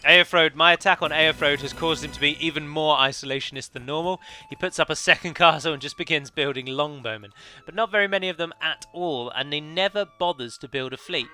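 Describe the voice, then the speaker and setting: A man's voice: fairly high pitch, brisk, few pauses, bright, forceful tone. A man commentating on his own multiplayer strategy match, chatty and analytical, often correcting himself mid-sentence. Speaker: let's play commentator. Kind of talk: game commentary.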